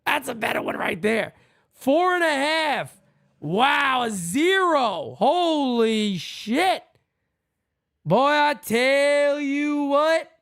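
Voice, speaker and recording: A man hosting a casual live fan chat stream, bantering loudly with viewers and swearing as he laughs. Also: very high voice, expressive, extremely slow, gravelly.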